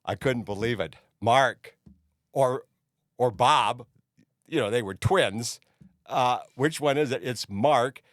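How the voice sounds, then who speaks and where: A man's voice: mid-range voice, takes it slowly, dry recording, studio quality. An older man hosting his own show, telling a long rambling anecdote in casual chat, dropping "you see" again and again. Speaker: host. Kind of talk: casual storytelling monologue.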